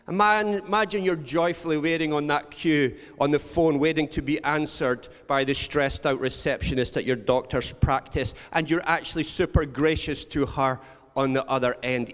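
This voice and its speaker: A man preaching a sermon, earnest and storytelling, repeating words for emphasis. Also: mid-range voice. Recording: long reverb of a large hall.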